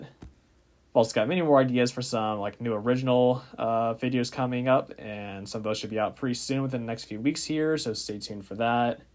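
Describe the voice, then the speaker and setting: A man's voice: mid-range voice, darkish tone. A young man narrating a racing recap video in a casual way, often saying "uh". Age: young adult. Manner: casual, with frequent "uh" fillers. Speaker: YouTube racing channel host. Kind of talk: scripted narration.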